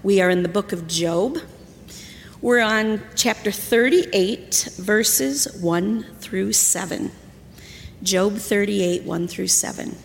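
A woman reading a scripture passage aloud in church in a measured way. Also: mid-range voice, vocal fry, a little hiss or hum. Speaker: scripture reader. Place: church sanctuary. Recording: long church reverb.

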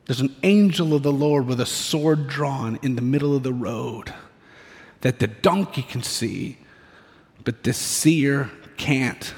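Animated storytelling male preacher. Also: medium pitch, takes it slowly. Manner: animated, storytelling, playful asides. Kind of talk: sermon. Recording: echoey hall reverb.

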